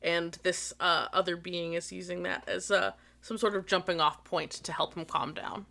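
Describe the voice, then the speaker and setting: Bright-voiced woman game master. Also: on the low side, little pitch movement, moderate pace, creaky. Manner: rambling, many fillers and apologies. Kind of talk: narrating a tabletop game.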